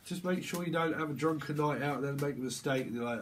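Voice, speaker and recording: A man's voice: fairly high pitch, fast talker, few pauses, slight background noise. A man giving a rambling tarot reading to camera, playing with words and breaking into chuckles and silly voices. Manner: playful, free-associating wordplay. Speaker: tarot reader.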